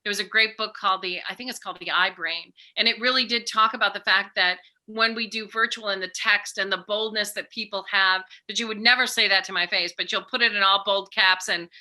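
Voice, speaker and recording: Animated bright-voiced middle-aged woman. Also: medium pitch, brisk, hardly any pauses. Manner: animated, acts out remembered dialogue. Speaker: guest, author and peace educator. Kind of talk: casual podcast conversation.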